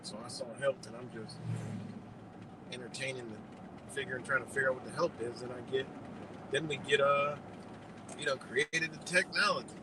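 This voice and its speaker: A man hosting a live stream, telling a story in a loose, profane, animated way and laughing often. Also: medium pitch, moderate pace, long pauses, noisy background. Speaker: livestream host.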